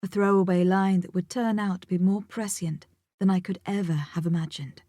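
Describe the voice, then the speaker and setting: A woman narrating a first-person audiobook in a measured, reflective way, with a close studio mic. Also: on the low side, fairly even intonation, dark tone, no room sound.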